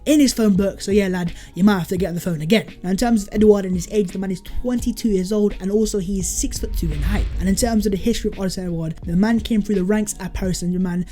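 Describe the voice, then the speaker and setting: Hyped young football vlogger. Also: male voice, high voice, fast talker, few pauses, dark tone, soft background music. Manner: hyped, chatty, calls viewers lads. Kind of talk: energetic fan vlog.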